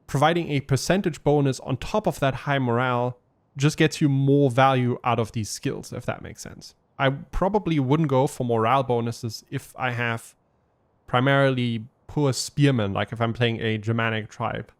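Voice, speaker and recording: A man's voice: mid-range voice, normal speed. A man giving casual gameplay commentary as a let's play host, thinking aloud and explaining his tactics with frequent ums.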